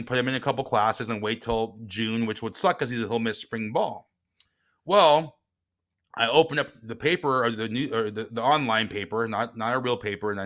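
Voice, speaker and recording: In casual conversation, a middle-aged author on as a guest relates something personal in a mid-range voice. The story veers from quiet, reflective moments to heated retelling.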